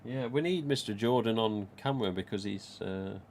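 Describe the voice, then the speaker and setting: A man chats loosely on a live stream, wandering from point to point and reading viewers' messages aloud. His voice sits a little low. A faint hiss of room noise runs under the recording. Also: normal speed, darkish tone. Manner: chatty, rambling, reads viewer comments aloud. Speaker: live stream host, mask collector. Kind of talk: casual live stream chat.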